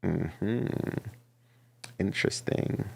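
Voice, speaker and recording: A man giving a casual, playful tarot reading to his viewers, chatty and quick to laugh. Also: low-pitched, creaky, breathy edge. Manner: chatty and playful, laughs often, repeats himself. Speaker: tarot reader.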